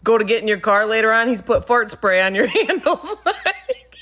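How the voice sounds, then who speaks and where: A woman's voice: a little high, normal speed, a little hiss or hum. A woman who manages a workplace, telling comic stories about her employees, often laughing mid-sentence and swearing freely. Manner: animated. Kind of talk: comedic storytelling monologue.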